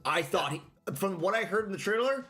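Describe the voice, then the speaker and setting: A man with a bright, forceful voice chats casually while playing a game. His pitch swings widely as he rants and swears, and he sits a little higher than most men. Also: fairly quick, faint music behind. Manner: animated, ranting, swears. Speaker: game player.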